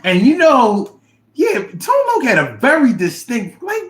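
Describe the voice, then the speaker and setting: A man hosting a casual livestream, reading viewer comments aloud and reacting with animated, chat. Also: unhurried. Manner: animated, drops to low mumble reading comments.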